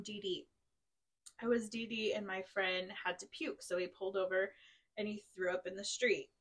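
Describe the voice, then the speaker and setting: A woman's voice: mid-range voice, a bit bright. Tipsy woman reading party stories. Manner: casual, giggly, reads stories aloud. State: tipsy, drinking wine. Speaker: podcast host. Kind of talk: reading drunken stories aloud to friends.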